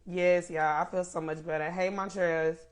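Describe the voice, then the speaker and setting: A woman's voice: on the low side, little pitch movement, normal speed. A woman hosting a casual live stream, greeting viewers by name and laughing often while she waits for her guest, speaking.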